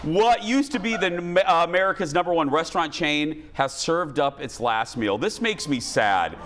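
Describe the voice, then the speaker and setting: A man's voice: on the high side, expressive, moderate pace, background noise. A man hosting a TV talk show in a studio with a live audience, upbeat and chatty, turning earnest and heartfelt.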